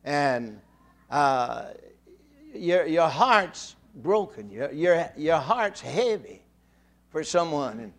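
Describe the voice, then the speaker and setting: An older man with a drawl preaches from the pulpit, his voice sitting a little high for a man. He stumbles over repeated words and small fillers, then builds into fervent, rousing calls to his listeners. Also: big pitch swings, fairly bright tone. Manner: halting restarts, rising to fervent exhortation. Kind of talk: sermon.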